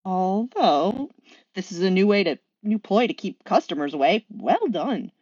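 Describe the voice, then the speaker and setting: A woman's voice: mid-range voice, big pitch swings, measured pace, a little mellow, dry recording, muffled recording. A woman voicing a drowsy, sardonic male demon who grumbles and teases dryly. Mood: sarcastic. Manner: dry, sarcastic, grumbling.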